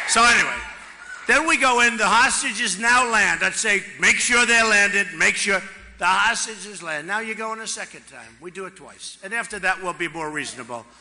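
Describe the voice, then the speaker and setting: A man's voice: high voice, background noise. A man in his sixties giving a campaign rally speech, boastful and repetitive, with chatty asides to the crowd. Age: 60s. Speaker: political candidate. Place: large rally venue. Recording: long reverb of a large hall.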